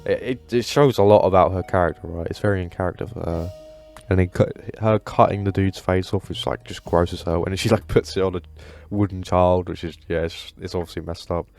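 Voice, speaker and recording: A man's voice: low-pitched, fairly even intonation, a little fast, gravelly, darkish tone, soft background music. A man hosting a casual commentary video, enthusiastic and rambling, with lots of fillers. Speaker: gaming video host.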